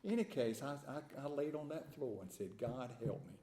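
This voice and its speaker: A man's voice: fairly high pitch, very animated, brisk, mellow. An older man giving an earnest, emphatic personal testimony to a meeting room, often repeating words as he goes. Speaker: recovery meeting speaker. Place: large meeting room with an audience. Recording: echoey hall with faint room noise.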